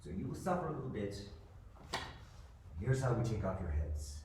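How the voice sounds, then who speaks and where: A man delivering a profane, menacing ranting monologue, muttering low and breaking into shouts, recorded in a room. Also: big pitch swings, moderate pace. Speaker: manifesto author. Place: indoor room. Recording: echoey room, distant mic, faint noise.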